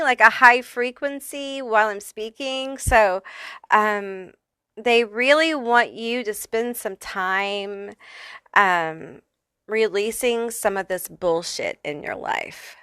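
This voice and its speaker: A woman's voice: a little high, takes it slowly, sharp tone, clear, resonant tone, dry recording. A woman giving a casual pick-a-card tarot reading who swears freely and laughs often. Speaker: tarot reader.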